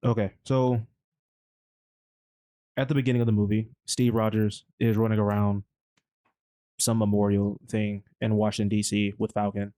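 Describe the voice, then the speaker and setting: A male podcast host retells a film's plot in loose, slangy, rambling storytelling. His voice sits low and flat, and the recording is dry and close to the mic. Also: no echo. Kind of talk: casual movie recap.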